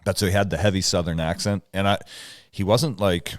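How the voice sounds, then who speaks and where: Deep-voiced, blunt podcast co-host man. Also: fairly even intonation, a little fast, dry recording, clean studio sound. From United States. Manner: blunt and opinionated, acts out quotes. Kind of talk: casual chat.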